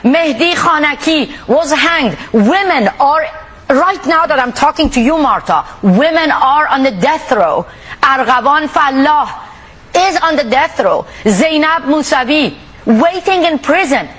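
A woman from Iran, an activist, speaking forcefully and indignantly in an interview. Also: high voice, lively intonation, measured pace. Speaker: activist guest.

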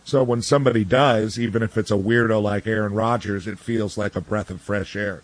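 A man's voice: fairly low pitch, fairly even intonation, fairly quick. A man giving blunt, ranting sports opinions in casual talk, full of restarts and fillers. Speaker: sports commentator guest.

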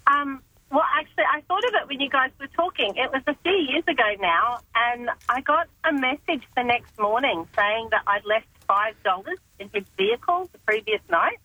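Middle-aged Aussie woman caller, bright and fairly high, wry, dry phone line. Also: animated, moderate pace, no room sound. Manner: wry, matter-of-fact. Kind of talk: phone-in story.

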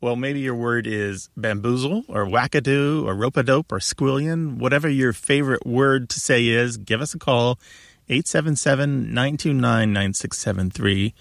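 A man co-hosting a radio talk show, explaining things in a knowledgeable, lively way. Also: medium pitch, normal speed, vocal fry, no room sound, clean studio sound. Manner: knowledgeable, lively, laughs easily.

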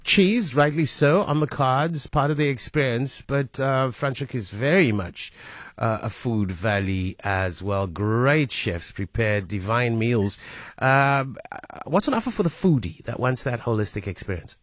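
Upbeat radio host. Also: male voice, medium pitch, animated, unhurried, dry recording, studio quality. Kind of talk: radio interview.

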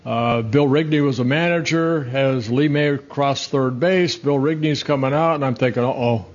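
A man in his seventies from the Netherlands, a former pitcher telling rambling, self-correcting stories in an interview. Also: fairly even intonation, normal speed, lo-fi sound. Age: 70s. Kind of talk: casual storytelling interview.

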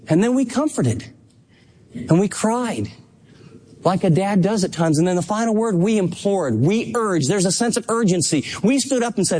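A man preaching with a notably high-pitched voice, emphatic and impassioned. His delivery rises and presses as he urges his listeners on. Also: lively intonation, moderate pace, darkish tone. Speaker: pastor. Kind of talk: sermon.

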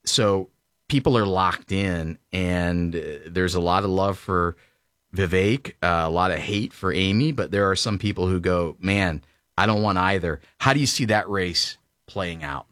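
A man's voice: low voice, a little slow, fairly bright tone, dry recording, clean studio sound. A man hosting a political talk radio show, chatting in an opinionated, bantering way.

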